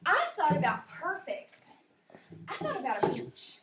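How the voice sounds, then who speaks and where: A woman teaching a vocabulary lesson to young children, upbeat and encouraging, saying words slowly and clearly. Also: high-pitched, wildly swooping pitch, a bit bright. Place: classroom. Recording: roomy classroom, distant mic, faint noise.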